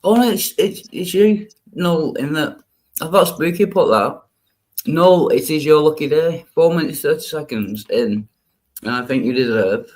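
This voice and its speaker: A man's voice: fairly high pitch, lively intonation, unhurried, darkish tone. A man hosting a casual livestream panel, laughing often and joking crudely with his guests. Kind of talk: casual chat.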